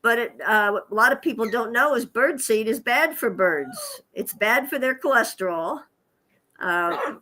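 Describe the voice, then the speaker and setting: A woman's voice: a little high, background noise. A woman guest on an interview, a hospice nurse and animal rescuer, telling chatty stories with frequent chuckles and asides to her pet parrot. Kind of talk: casual storytelling interview.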